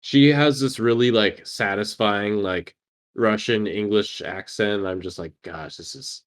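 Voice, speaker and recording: A man's voice: lowish voice, steady tone, unhurried, clear, resonant tone. A young man co-hosting a podcast, bantering casually and laughing easily, lots of fillers. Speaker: podcast co-host.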